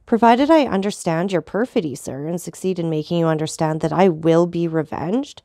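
A woman's voice: on the low side, moderate pace, warm tone, no echo, clean studio sound, lightly acted. A woman voicing a furious, trembling young nobleman. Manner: angry, trembling.

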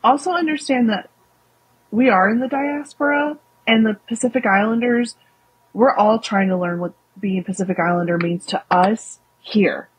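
A woman's voice: on the high side, normal speed, breathy edge, rough recording. A young woman with a Southern US accent, a guest speaking candidly and animatedly in a casual interview. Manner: candid, animated, many fillers.

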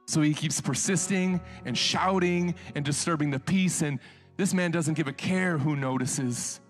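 Male pastor, high voice, impassioned and casual, drops quiet then builds loud. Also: a little slow, faint music behind. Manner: impassioned, swinging between hushed storytelling and loud exhortation; colloquial, conversational preaching. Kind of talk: sermon.

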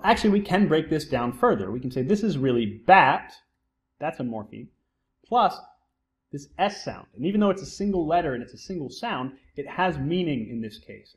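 Man lecturing, answering his own questions. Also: a little high. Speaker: psychology instructor.

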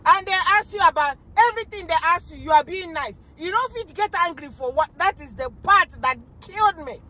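A woman's voice: very high voice, animated, fairly quick, sharp tone. A young Nigerian woman chatting in a casual vlog from inside her car while driving, exclaiming often and slipping into pidgin. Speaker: vlogger. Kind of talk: casual commentary.

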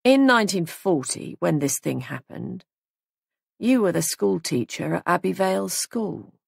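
A smug young man posing as a police sergeant, talking slowly with cold menace, as a woman narrator voices him. The voice sits low and gravelly with a husky edge. The recording is close and dry. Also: expressive, no echo, exaggerated voice. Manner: slow, smug and coolly menacing.

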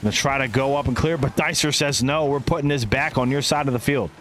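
A man casts a live esports match with a mid-range, fairly bright voice, speaking quickly over a little hiss or hum. His play-by-play is playful, full of made-up silly words, and he chats with viewers between plays.

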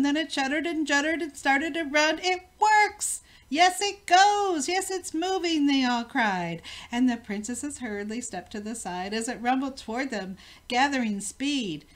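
An older woman reads a rhyming children's book aloud with a lively, bouncing rhythm. Her voice sits fairly high and rises and falls expressively. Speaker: storybook reader. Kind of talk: reading a picture book aloud.

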